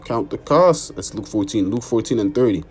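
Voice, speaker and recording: A man's voice: lowish voice, lively intonation, normal speed, faint music behind. A man preaching an informal sermon and reading scripture, emphatic, repeating "man" and cursing for emphasis. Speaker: street preacher.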